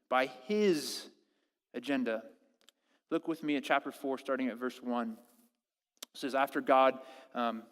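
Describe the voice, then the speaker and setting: A man in his thirties preaching a sermon to his congregation, conversational and playful, often restarting his sentences. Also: on the high side. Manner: conversational, self-interrupting, playful asides. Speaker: pastor. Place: church service in a school auditorium. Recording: long reverb of a church hall.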